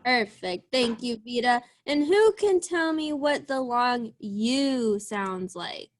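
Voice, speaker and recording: A young woman teaching a young class over a video call, drawing out sounds slowly and encouraging the children. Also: on the high side, expressive. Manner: slow, encouraging, drawn-out sounds. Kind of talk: online class lesson.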